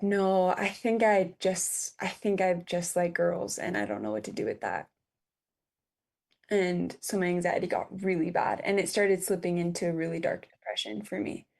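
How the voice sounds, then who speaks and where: A woman in her twenties speaks as a podcast guest, sharing a personal story. She talks haltingly, with frequent fillers and restarts, and sounds close to tears. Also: medium pitch, a little mellow. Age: 20s. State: near tears.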